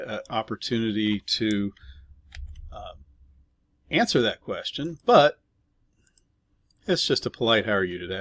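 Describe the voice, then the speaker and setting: A man teaching a casual programming lesson, explaining step by step with fillers and offhand asides while typing. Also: medium pitch. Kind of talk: casual screen-recorded coding lesson.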